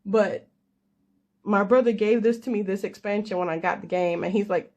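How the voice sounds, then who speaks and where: A woman's voice: medium pitch, normal speed, darkish tone. A young adult woman telling a rambling, casual story with self-deprecating laughs. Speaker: crafter and gamer.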